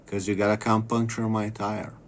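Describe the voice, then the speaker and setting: A man's voice: fairly low pitch, flat delivery, normal speed, a little hiss or hum. A man delivering an angry, profane vlog rant, bitter and repeating phrases for emphasis. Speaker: vlogger. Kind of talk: angry ranting monologue.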